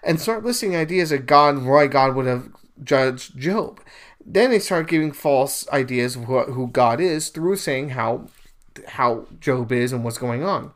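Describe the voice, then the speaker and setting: A young man hosting a podcast, retelling a story in a casual, animated monologue, with sudden louder bursts. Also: medium pitch, measured pace. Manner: animated storyteller, paraphrases scenes in bursts of raised voice. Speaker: podcast host. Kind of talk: casual religious commentary monologue.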